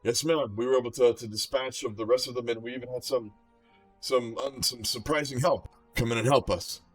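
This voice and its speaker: An earnest city guard, polite and a bit halting, played by a man running a tabletop game. He speaks in a slightly raised voice and stumbles as he reports to a noblewoman. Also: medium pitch, fairly even intonation, soft background music, voice pushed up, lightly acted. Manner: halting, restarts phrases.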